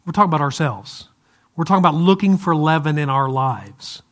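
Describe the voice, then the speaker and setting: A male pastor preaching a sermon in a relaxed, conversational way, with light humor and frequent restarts. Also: fairly high pitch, a little fast. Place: church service, also streamed to viewers at home.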